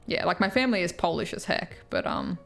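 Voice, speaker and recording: A woman's voice: on the low side, brisk, vocal fry, a bit bright, soft background music. A young Australian woman chatting on a live stream, answering viewer comments and laughing often. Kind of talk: casual live-stream chat. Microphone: headphones with mic.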